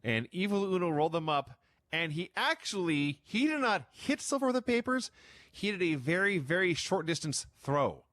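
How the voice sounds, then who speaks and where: A man's voice: high voice, very animated, moderate pace, fairly bright tone, dry recording. A man co-hosting a podcast in casual chat, telling a show's events as a running recap. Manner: storytelling recap, amused. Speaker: podcast co-host.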